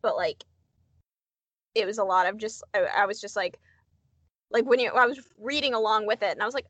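A woman's voice: medium pitch, fairly even intonation, fairly quick, long pauses, fairly bright tone, no echo. A woman co-hosting a podcast, chatting casually with lots of fillers and quizzing her co-host. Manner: chatty, filler-heavy, runs quiz questions. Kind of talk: casual chat.

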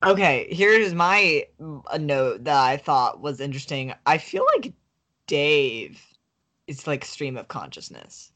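A woman's voice: low voice, animated, unhurried, a bit bright. Rambling woman podcast co-host. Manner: rambling, filler-heavy recap. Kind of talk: casual chat summarizing a book.

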